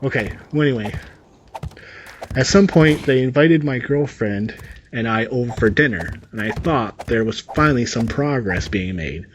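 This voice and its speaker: A man's voice: medium pitch, expressive, moderate pace, a little hiss or hum. A man reading a story aloud and adding sarcastic, rambling comic asides over gameplay. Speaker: story reader and commentator.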